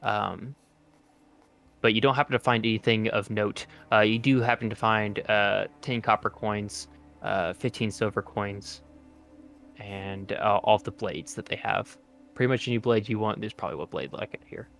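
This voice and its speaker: Low-voiced game master, halting. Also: male voice, fairly even intonation, gravelly, fairly bright tone, faint music behind. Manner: hesitant, many filler sounds. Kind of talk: narrating a tabletop game.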